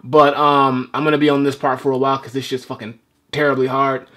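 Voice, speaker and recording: A man's voice: mid-range voice, little pitch movement, a little fast, bright, forceful tone. A man giving loose, rambling gameplay commentary as a game reviewer, swearing freely while he plays.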